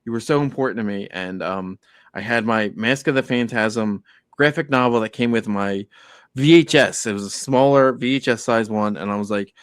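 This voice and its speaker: A man with a smooth voice on the low side talks at a moderate pace while co-hosting a casual podcast. His storytelling is earnest and heartfelt, and he acts out quotes along the way. There's no echo, just clean studio sound.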